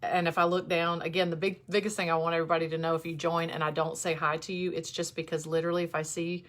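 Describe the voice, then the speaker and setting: A woman in her forties talking candidly to viewers on a livestream, emotional and close to tears, halting and restarting. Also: sits low, flat delivery. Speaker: host. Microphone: camera in front of her.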